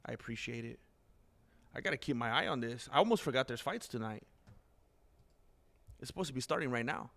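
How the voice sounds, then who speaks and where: A man's voice: mid-range voice, lively intonation, fairly quick, gravelly, pauses often, fairly bright tone. A man hosting a casual live stream, chatting loosely to his viewers, calling them "bro" and laughing often. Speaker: livestream host.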